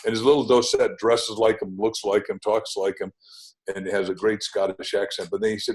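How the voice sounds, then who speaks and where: A man's voice: on the low side, little pitch movement, a little fast, low-quality recording. An older man, a podcast guest and author, telling stories with rambling asides and name-dropping. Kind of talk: podcast interview, enthusiastic storytelling.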